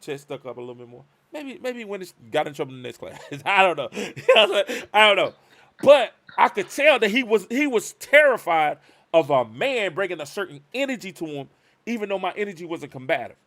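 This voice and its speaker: Guy w/ hosting a live stream, kinda high voice, swings way up and down telling his story. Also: fairly quick. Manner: animated, acts out both sides of conversations. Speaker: show host.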